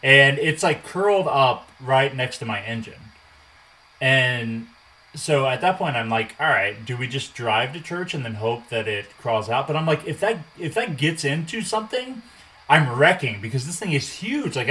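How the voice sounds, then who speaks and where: A man in his twenties telling a casual, animated story, swearing and acting out what people said. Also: mid-range voice, normal speed, poor audio. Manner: animated, swears, acts out quotes.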